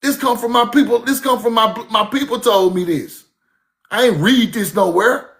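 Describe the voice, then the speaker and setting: A high-pitched man recounts his grandmother's teachings in a loose, casual storytelling monologue at a moderate pace, with vocal fry. He's animated and conversational, swearing freely and circling back over the same points for emphasis.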